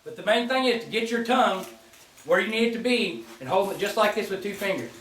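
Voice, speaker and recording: Folksy high-voiced man demonstrating goose calls. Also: fast, background noise. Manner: relaxed, folksy, repeats and restarts phrases. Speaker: goose call instructor. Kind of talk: casual spoken demonstration. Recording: distant mic in an echoey space, faint clicking.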